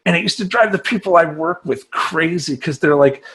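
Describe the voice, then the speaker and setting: A man's voice: fairly high pitch, normal speed, a bit bright. A man speaking as a life coach in a casual monologue to camera, rambling and profane, laughing often and slipping into mock voices.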